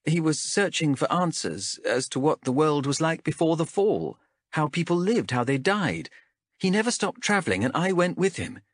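A stubborn, defensive young woman explorer speaking earnestly, quick to snap back, put on by a man. Her voice sits higher with a lively swing. The recording is dry and close. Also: no echo. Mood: wistful. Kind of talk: audiobook character voice.

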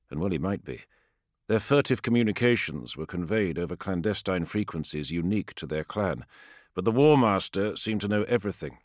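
A man narrating an audiobook in a measured, grave storytelling manner, recorded on a close studio microphone. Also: low voice, no echo. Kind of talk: scripted dramatic narration.

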